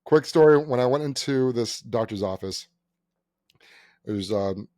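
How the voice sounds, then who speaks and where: A man co-hosting a podcast, telling stories in casual chat, animated and profane, acting out what people said. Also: mid-range voice, measured pace, no echo, clean studio sound. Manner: animated storyteller, acts out quotes, swears, laughs. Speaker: podcast co-host.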